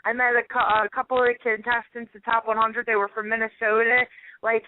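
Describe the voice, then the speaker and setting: A woman with a Philadelphia accent, a home cook telling lively stories as a radio guest, laughing often and filling her talk with "you know" and "like.". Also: fairly high pitch, a little fast, background noise. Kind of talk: phone-in radio interview. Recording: tinny phone line.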